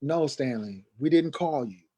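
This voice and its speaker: Middle-aged male guest, mid-pitched, story-driven delivery, acts out voices, spikes high when agitated. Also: lively intonation, measured pace, dark tone. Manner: acts out quoted dialogue, voice rising sharply when agitated. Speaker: guest telling a personal story. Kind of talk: animated storytelling.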